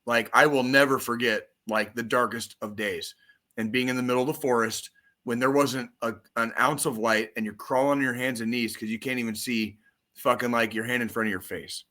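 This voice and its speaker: Swearing, excitable male podcast co-host. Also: medium pitch, fairly quick. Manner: profane, excitable, rambling sports-fan rant. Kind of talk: casual chat.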